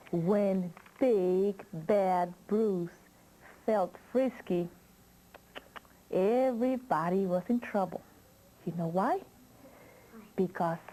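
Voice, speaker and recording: A woman's voice: lowish voice, dark tone, a little hiss or hum, low-quality recording. A woman reading a children's story aloud, drawing out her words and asking the listener questions. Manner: slow, drawn-out with questions to the listener.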